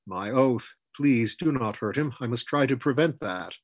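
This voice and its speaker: A man voicing Corno, a terrified oath-bound servant who speaks low and trembling. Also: animated, normal speed, husky, dry recording, clean studio sound. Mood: anxious.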